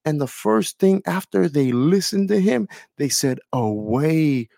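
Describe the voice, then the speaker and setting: Slow, gravelly-voiced older male preacher. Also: on the high side, lively intonation, warm tone, dry recording, studio quality. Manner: preaching in Paul's voice, with stammered repeats. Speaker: pastor. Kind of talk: sermon.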